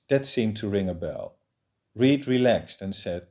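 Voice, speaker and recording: A man narrating a novel in a steady, measured reading voice. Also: fairly low pitch. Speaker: audiobook reader.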